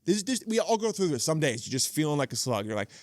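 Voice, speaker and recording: A man's voice: on the high side, sing-song, fast talker, no echo. A man in his thirties hosting a podcast alone, talking in a rambling, profane, comedic monologue full of restarts, recorded outdoors near water. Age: 30s. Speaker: podcast host. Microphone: video podcast camera setup.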